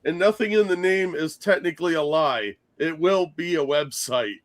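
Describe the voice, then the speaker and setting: A man with a slightly raised voice co-hosts a casual talk show. He jokes and speaks with sarcasm, dropping quick asides between the others' points. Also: a little high. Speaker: podcast co-host. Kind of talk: casual opinion chat.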